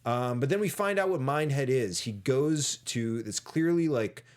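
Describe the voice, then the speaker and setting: Regular-pitched guy hosting a movie chat, chatty, acts out the scenes. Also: lively intonation, moderate pace. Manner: chatty, acts out lines from the film. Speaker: podcast host. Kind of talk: casual film discussion.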